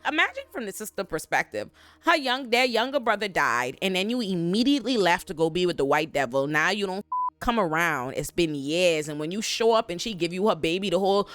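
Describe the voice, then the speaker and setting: A woman giving a casual, animated recap of a TV episode, slangy and emphatic. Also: on the low side, dry recording. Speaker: TV recap host.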